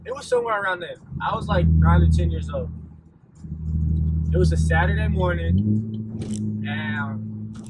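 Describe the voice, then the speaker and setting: Pausing often at a measured pace, a young man shares a casual storytime vlog in a slightly high voice, relaxed and meandering with plenty of fillers. There's audible noise behind him.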